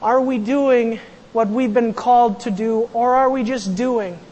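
A pastor preaching a sermon in a church, animated, acting out quotes and raising the voice for emphasis. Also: medium pitch, measured pace. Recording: long hall reverb.

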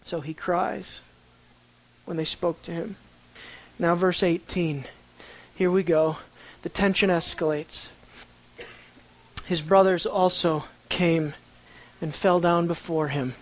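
Taking it slowly with long pauses, a preacher with a mid-range voice walks through a Bible passage in conversational sermon style. He frequently puts questions to the audience, and his storytelling swings dramatically between hushed and excited.

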